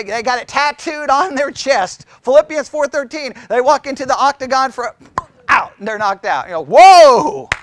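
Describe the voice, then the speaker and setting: Middle-aged male Bible study teacher, high voice, dry close mic, lively and conversational with the group. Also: no room sound. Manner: chatty, animated, asks the group questions.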